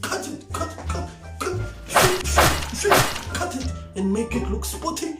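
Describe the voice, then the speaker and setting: Man putting on a bossy, high-pitched car company boss with a Japanese accent. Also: very animated, a little slow, full character voice. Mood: commanding. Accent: put-on Japanese accent. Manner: clipped, repetitive commands. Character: bossy greedy male car company executive. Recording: roomy echo with music behind.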